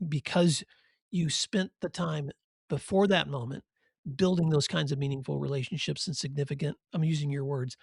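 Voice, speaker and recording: Middle-aged male host; thoughtful, encouraging, slightly high, husky voice. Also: steady tone, normal speed, dry recording, clean studio sound. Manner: thoughtful, encouraging, builds points in lists. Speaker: podcast host. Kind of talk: interview questions and reflection.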